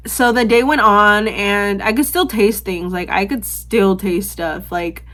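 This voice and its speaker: A young woman vlogger tells a story straight to camera in a loose, rambling way. She fills it with "like" and restarts, and swears offhandedly. Her voice sits at an ordinary middle pitch. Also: a little slow, fairly bright tone. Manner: rambling, filler-heavy, lots of "like" and restarts; candid, swears casually.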